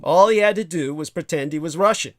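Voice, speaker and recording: A man's voice: fairly high pitch, a little fast, no echo, clean studio sound. A man hosting a livestream talk show, rambling and emphatic, swearing freely as he tells a story. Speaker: show host.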